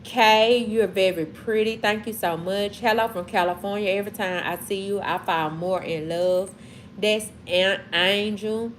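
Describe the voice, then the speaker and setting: Slow-drawling Southern woman streamer. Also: mid-range voice, steady tone, a little hiss or hum. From Mississippi. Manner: slow, drawling, talks back to chat. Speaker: livestream host. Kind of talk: casual livestream chat reading comments.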